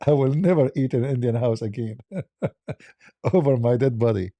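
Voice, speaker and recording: Gravelly dark-voiced man chuckling through a story. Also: mid-range voice, normal speed, pauses often, dry recording. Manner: chuckling, broken English, many restarts. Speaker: host. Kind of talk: casual storytelling on a live stream.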